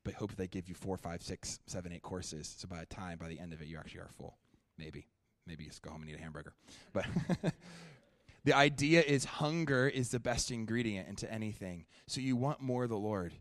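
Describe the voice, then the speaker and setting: A young man preaching a sermon at a church, shifting from animated, joking storytelling to quiet, prayerful ministry. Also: low-pitched, a little fast, dry recording, clean studio sound. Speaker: guest preacher.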